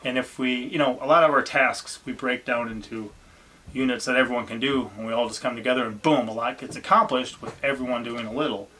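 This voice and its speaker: A man's voice: medium pitch, steady tone, fairly quick, pushed and bright, slight background noise. A man, a family vlogger chatting casually and encouragingly about his children. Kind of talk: casual chat.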